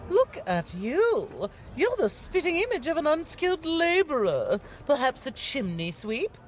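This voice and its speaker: Over background music in game audio, a woman voices a snobbish, haughty noblewoman obsessed with titles, lecturing disdainfully. Her voice sits high and is very animated, with a measured pace.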